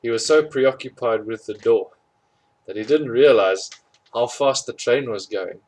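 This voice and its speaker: A man's voice: mid-range voice, unhurried, darkish tone, poor audio. A man reading a storybook chapter aloud, amused by the story and correcting his own slips as he goes. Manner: amused, chuckles at funny parts, corrects slips. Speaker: audiobook reader.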